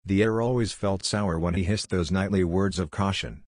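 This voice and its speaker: A man narrating a scary story in a measured, grave storytelling delivery. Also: low-pitched, dry recording, clean studio sound. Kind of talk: scripted horror story narration.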